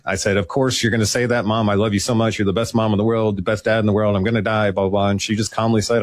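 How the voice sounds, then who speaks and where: A man's voice: on the low side, steady tone, fast, hardly any pauses, dry recording. A man, a police officer, telling his own story in an interview, matter-of-fact with dry humor. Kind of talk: personal story in a podcast interview.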